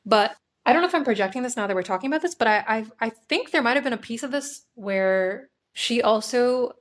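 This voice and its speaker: A woman's voice: fairly high pitch, lively intonation, brisk. A young woman co-hosting a podcast in casual chat, telling a story thoughtfully and hedging with "I guess". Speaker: podcast co-host.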